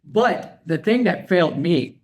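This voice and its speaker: A man co-hosting a podcast, chatting in a relaxed way and quoting himself with "I'm like". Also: high voice, a little slow. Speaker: podcast co-host. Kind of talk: casual chat.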